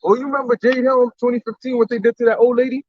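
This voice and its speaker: A man's voice: very high-pitched, flat delivery, very fast, no room sound. A man in casual talk with a co-host, speaking emphatically and quoting scripture. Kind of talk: casual religious talk chat. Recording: dull lo-fi sound.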